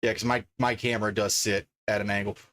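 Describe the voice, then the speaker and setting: A man's voice: lowish voice, little pitch movement, fast talker, fairly bright tone, a little hiss or hum. Chatty man streaming from his desk. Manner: chatty, thinks aloud, reads card names as he goes. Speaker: livestreamer opening card packs. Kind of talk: casual livestream chatter. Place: home desk.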